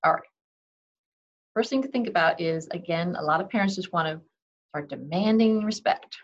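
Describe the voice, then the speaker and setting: A woman's voice: on the low side, normal speed. A woman giving casual parenting advice in a conversational way, often saying "okay" and acting out what parents and kids say. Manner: conversational, frequent "okay", acts out parent and kid lines. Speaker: parenting advisor. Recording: dull lo-fi recording.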